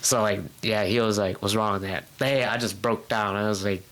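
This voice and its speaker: A young man with a fairly low voice tells his personal story in a relaxed interview at home. He speaks candidly and haltingly, with frequent fillers and restarts, and slips into quoting his past self. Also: rough recording. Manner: acts out his past self in quoted outbursts. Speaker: guest. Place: home room.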